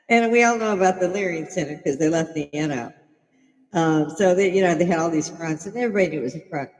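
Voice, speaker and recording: A woman's voice: deep voice, a little fast, darkish tone, big-room sound, poor audio. An older woman from Chicago hosting a casual livestream, talking bluntly with plenty of swearing and frequent laughter. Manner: blunt and profane, laughing often. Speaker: livestream host. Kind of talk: casual opinionated livestream chat.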